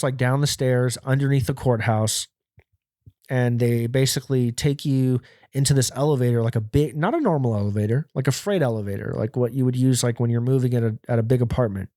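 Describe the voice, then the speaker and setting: A man's voice: mid-range voice, mellow, dry recording, studio quality. A man hosting a podcast and telling a story in casual speech. He rambles, swears heavily and laughs often. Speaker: podcast host.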